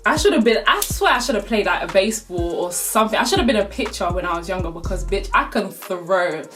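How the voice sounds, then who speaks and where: A woman's voice: medium pitch, lively intonation, fast talker, over music. A young woman telling a casual storytime, full of slang and swearing, with laughs through the telling. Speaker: vlogger.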